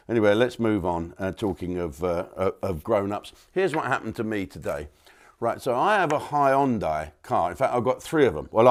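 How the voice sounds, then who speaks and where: A man hosting his own channel, talking through a rambling comic monologue with digressions and mock outrage. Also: lowish voice. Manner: chatty, digressive, with frequent restarts and mock outrage.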